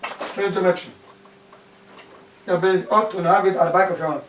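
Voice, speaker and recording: Guy teaching maths, high-pitched, keeps repeating terms, faint hum behind. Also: fairly even intonation, brisk, a bit bright. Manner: repeats key terms, asks questions aloud. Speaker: mathematics teacher. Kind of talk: classroom lesson. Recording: echoey room from far off with faint background noise.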